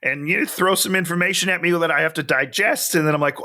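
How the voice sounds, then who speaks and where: A man co-hosting a podcast, chatting casually about a film, laughing often and acting out scenes. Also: a little high. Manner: animated, laughs often, acts out scenes in quick quoted voices. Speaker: podcast co-host. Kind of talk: casual movie review chat.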